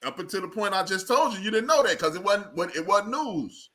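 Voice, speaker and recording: A man's voice: high voice, expressive, brisk, over a noisy crowd. A man who is a podcast guest in casual chat, talking in an emphatic, argumentative, slangy way.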